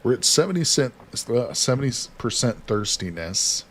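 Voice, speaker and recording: This livestream host has a medium-pitched, slightly bright voice with big pitch swings and a moderate pace, with a little background noise. He plays a survival card game while chatting with viewers, reading their messages aloud and narrating his own actions.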